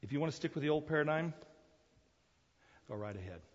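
Male preacher, fairly high, husky voice; animated storyteller; dull recording with long hall reverb. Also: fairly quick. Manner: animated storytelling, acts out the crowd's voices, laughs often. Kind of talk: sermon.

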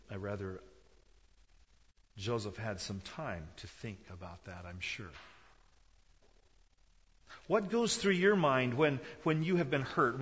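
A man's voice: medium pitch, fairly bright tone. A man preaching a sermon, telling a story dramatically and acting out the voices of its people. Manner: dramatic, acts out quoted voices, rises and drops in intensity. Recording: dull sound in a reverberant hall.

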